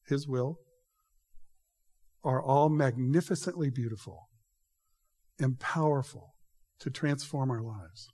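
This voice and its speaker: A man's voice: mid-range voice, a little mellow, husky. A man preaching a sermon in an emphatic, conversational way, addressing the congregation directly. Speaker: pastor. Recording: reverberant hall.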